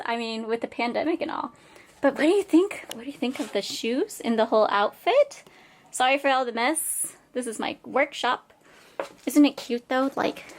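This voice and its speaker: Bubbly high-voiced young woman vlogger. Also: a little hiss or hum. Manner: bubbly, squealing and giggling with excitement. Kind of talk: casual unboxing vlog. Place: home workshop indoors.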